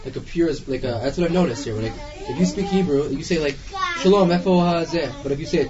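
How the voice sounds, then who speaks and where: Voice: medium pitch, expressive, highs cut off, a loud crowd. A class participant speaking in a casual group discussion, rambling and filling speech with "like.". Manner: quick, rambling, full of "like".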